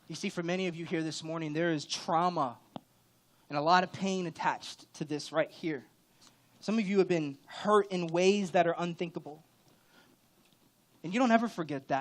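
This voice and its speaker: A man delivers a church sermon in a frank, conversational tone. His voice sits a little high for a man. He leans into emphatic rises to drive his points home. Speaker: pastor.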